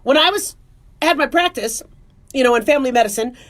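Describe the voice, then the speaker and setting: A woman's voice: high voice, expressive, a little fast. A woman who is a family medicine doctor, talking casually and playfully about her work. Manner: chatty, playful, jumps into voices. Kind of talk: casual talk monologue.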